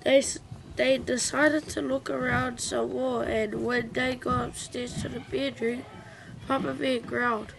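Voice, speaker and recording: Woman reading story, slow, gravelly, faint noise. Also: sits high, steady tone.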